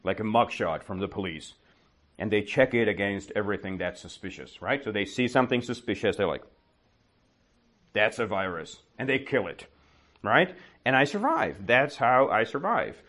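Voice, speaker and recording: A man with a slightly low voice tells a lesson as a casual story. He keeps asking himself questions and answering them, tacking "right?" onto his points. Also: normal speed. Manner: animated, asks and answers his own questions, often adds "right?". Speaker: teacher.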